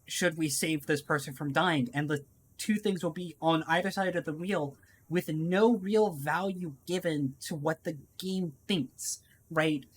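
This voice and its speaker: A woman's voice: low voice, a little hiss or hum. A woman streaming a video game, chatting casually and rambling with lots of fillers. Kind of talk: casual gameplay commentary.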